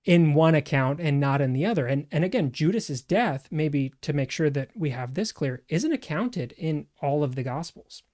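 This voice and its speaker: A man co-hosting a talk, his voice sitting a bit high for a man. He speaks in a measured, steady way and reads passages aloud at an even pace. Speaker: co-host. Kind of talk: casual discussion and scripture reading.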